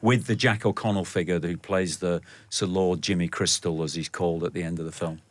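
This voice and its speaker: A man's voice: low-pitched, steady tone, fairly quick, no room sound. A middle-aged man guesting on a radio show, talking at length in a reflective, storytelling way. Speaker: film director guest. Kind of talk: radio interview.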